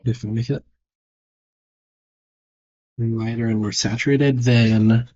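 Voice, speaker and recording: A man's voice: mid-range voice, steady tone, slow, long pauses, darkish tone, muffled recording. A man thinking aloud and judging his own work as he draws, in casual narration. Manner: muttered, self-critical thinking aloud. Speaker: digital artist. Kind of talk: casual narration while drawing.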